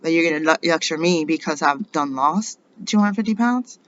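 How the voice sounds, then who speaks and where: A woman's voice: sits low, normal speed, fairly bright tone. An indignant middle-aged woman rambles through a personal monologue and fires off rhetorical questions. The recording sounds dull and lo-fi. A faint hiss sits underneath. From United States. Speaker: vlogger.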